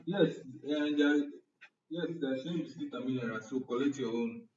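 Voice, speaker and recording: A man's voice: medium pitch, moderate pace, a little mellow, slight background noise. A young Nigerian man teaching an online class, chatting and joking as he answers his audience's comments by name. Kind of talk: casual chat with a live-stream audience. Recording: muffled, distant live-stream audio.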